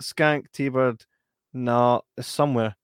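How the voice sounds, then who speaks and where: A man's voice: medium pitch, fairly even intonation, slow pace, clean tone, dry recording, studio quality. A man co-hosting a podcast, chatting casually about a film and laughing often as he retells scenes. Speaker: podcast co-host.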